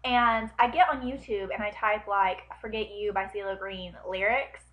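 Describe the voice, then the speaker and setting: A woman's voice: medium pitch, steady tone, moderate pace. A young woman with a slight twang, rambling through tag questions in a chatty way, full of ums and likes. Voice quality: slight twang on her words. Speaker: vlogger. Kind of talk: casual chat answering tag questions. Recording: dull lo-fi webcam audio.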